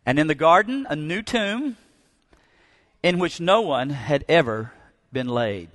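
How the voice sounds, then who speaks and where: Fervent preacher with a higher voice. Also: male voice, lively intonation, unhurried, a bit bright. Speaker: pastor. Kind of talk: sermon. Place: church sanctuary.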